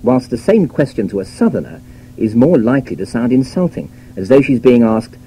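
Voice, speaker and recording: A British man reading a scripted radio talk in a measured, wry, lecturing way, on an old broadcast recording. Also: medium pitch, animated, mellow, slight background noise, poor audio. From Britain. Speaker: radio essayist. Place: radio studio.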